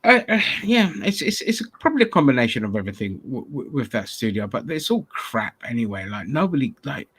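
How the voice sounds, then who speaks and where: A man's voice: mid-range voice, big pitch swings, brisk, hardly any pauses, fairly bright tone, slightly rough. A man from Greece co-hosting a casual chat show, blunt and sweary, often laughing. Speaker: co-host.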